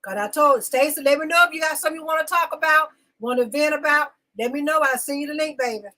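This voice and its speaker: A woman's voice: sits high, fast, pushed and bright, poor audio. A woman hosting a live talk show segment, venting emotionally, repeating herself for emphasis and greeting viewers by name. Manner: emotional and insistent, repeating phrases. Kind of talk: live-stream venting monologue.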